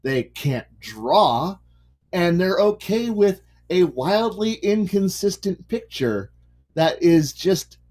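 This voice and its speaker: Man ranting with a lively swinging voice. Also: high-pitched, slow. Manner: ranting, profane, restarts sentences. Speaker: hobby miniature painter hosting a stream. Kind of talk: casual chat while painting.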